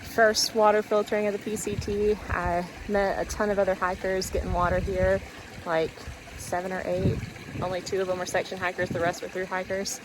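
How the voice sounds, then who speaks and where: A woman's voice: medium pitch, level tone, moderate pace, background noise. A woman chatting casually in a trail vlog, upbeat and full of fillers, recorded outdoors on a phone. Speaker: thru-hiker vlogger.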